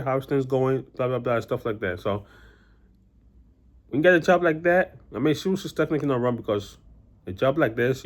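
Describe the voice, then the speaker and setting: Young guy vlogging, talks fast, rambly with tons of "you know"s. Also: medium pitch. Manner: rambling, many restarts and "you know" fillers. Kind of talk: casual personal storytelling to camera.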